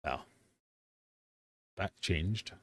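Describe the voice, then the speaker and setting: A man's voice: low voice, expressive, drawn-out words. British man hosting a chatty quiz. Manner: chatty, reads quiz questions, self-mocking dad jokes. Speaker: quiz host of a live stream. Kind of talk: casual live-stream quiz hosting. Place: home fish room.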